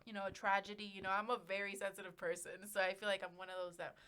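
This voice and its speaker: A woman's voice: medium pitch, little pitch movement, quick pace, sharp tone. A woman journalist speaking as a guest on a casual podcast, chatty and rambling, with many fillers and laughs. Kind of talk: casual interview chat.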